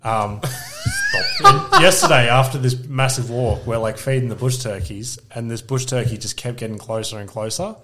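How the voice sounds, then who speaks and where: A man's voice: medium pitch, normal speed. A young Australian man co-hosting a podcast, telling rambling stories with lots of swearing and laughter. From Queensland, Australia. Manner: swears freely, laughs through animated stories. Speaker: podcast co-host. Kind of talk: casual chat.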